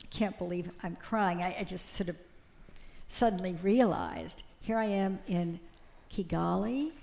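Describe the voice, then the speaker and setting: Older woman with a gravelly low voice. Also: a little mellow. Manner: halting, repeats words when moved. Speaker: panelist. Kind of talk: personal storytelling on a panel.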